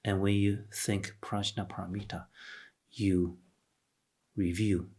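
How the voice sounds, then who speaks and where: A man's voice: lowish voice, flat delivery, slow, a little mellow, husky. A man giving a patient, explanatory Buddhist lecture, often restarting and saying "okay" between points. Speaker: Buddhist teacher. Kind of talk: Dharma lecture.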